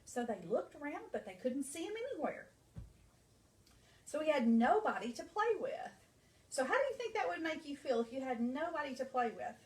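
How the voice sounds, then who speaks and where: A woman nursery school teacher reading a storybook aloud to young children, animated and asking them questions. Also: high voice, moderate pace. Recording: echoey room, mic far off.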